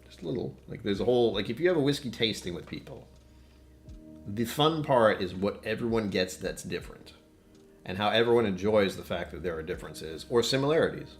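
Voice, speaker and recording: Deep-voiced rambling livestream host, man. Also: expressive, a little fast, soft background music. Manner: rambling, distractible, self-interrupting. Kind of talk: casual livestream chat. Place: home.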